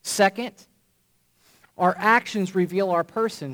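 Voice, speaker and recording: A man preacher delivering a sermon to a congregation, emphatic and deliberate, repeating key phrases for weight. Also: sits high. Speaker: pastor. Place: church congregation.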